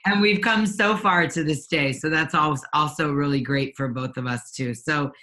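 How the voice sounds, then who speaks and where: At a moderate pace and with a sharp tone, this low-voiced woman in her forties, a parent coach, recounts her own story during an interview. Earnest and candid, she often says um and restarts, sometimes close to tears.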